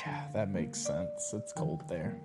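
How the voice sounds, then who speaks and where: A man co-hosting a podcast, trading dry, deadpan quips in casual banter. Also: low voice, takes it slowly. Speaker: podcast co-host. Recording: music playing underneath.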